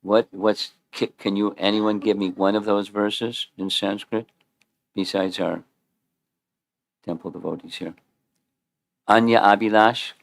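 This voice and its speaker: Man teaching a temple class, very low voice, dry close sound, chatty, quizzes listeners. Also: level tone, a little slow, gravelly, no room sound. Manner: conversational, quizzes the audience, repeats and restarts. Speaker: spiritual teacher giving a class. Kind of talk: informal scripture class.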